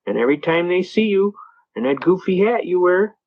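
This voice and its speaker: A man telling folksy courtroom stories fast in a lecture. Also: sits high, lively intonation. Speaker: speaker on self-representation in court. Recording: dull lo-fi recording.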